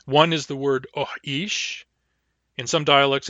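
A man giving a recorded language lecture, patiently repeating words slowly for learners. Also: mid-range voice, fairly even intonation, sharp tone, dry recording, muffled recording. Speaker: language teacher.

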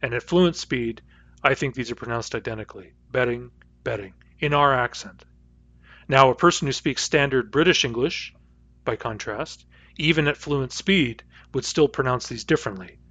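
A husky, sharp-toned man speaks at normal speed in a mid-range voice, patiently demonstrating and explaining sounds in a linguistics lecture, his accent West Coast North American. The dry, dull recording has no room sound.

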